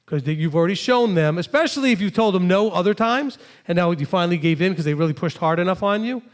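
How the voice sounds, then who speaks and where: A man, a rabbi, teaching a congregation and acting out imagined conversations in a lively preaching style. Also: high-pitched, fast talker. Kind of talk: sermon-style teaching with acted dialogue.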